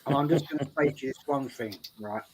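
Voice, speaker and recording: A man's voice: medium pitch, fast, darkish tone, rough recording. A man telling a rambling story in casual chat, repeating his words as he goes. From England. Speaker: show regular. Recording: faint background noise.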